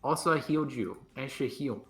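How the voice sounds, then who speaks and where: A man's voice: medium pitch, moderate pace, fairly bright tone, breathy edge, faint music behind. A man playing a tabletop game, hesitant and musing. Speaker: player.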